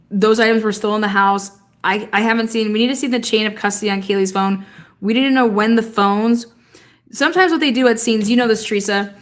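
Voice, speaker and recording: A woman talking through a case in a casual livestream, rapid, heated and full of swearing. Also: mid-range voice. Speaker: true-crime commentator.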